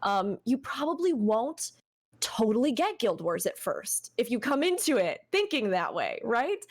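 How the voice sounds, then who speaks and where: A woman's voice: a little high, very animated, unhurried. A young woman chatting on a gaming podcast in an earnest, talkative way. She gives advice and now and then acts out what a player might say. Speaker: podcast guest. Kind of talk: casual podcast chat.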